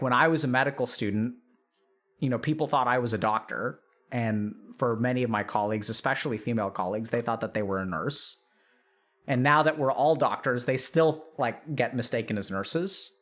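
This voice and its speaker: A man's voice: mid-range voice, fairly bright tone. A middle-aged man, a doctor, chatting casually on a live stream, thinking aloud and reading out chat with frequent restarts.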